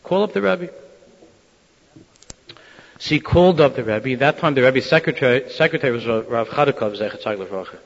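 A man telling a Hasidic story to listeners, acting out the quoted voices with lively shifts of tone. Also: mid-range voice, fairly quick, pauses often. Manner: animated, acts out quoted voices. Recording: dull lo-fi sound in a reverberant hall.

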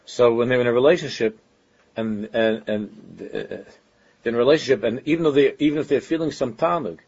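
A man's voice: medium pitch, a little fast, darkish tone, husky, lo-fi sound. A man giving an informal Torah lecture as a religious teacher, talking earnestly and conversationally and often stopping to restart his sentences.

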